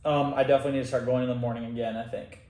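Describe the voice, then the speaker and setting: Young man, mid-pitch, relaxed rambling co-host talk in an echoey home room. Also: racing. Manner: rambling, laid-back, self-deprecating. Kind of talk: casual chat. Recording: roomy echo.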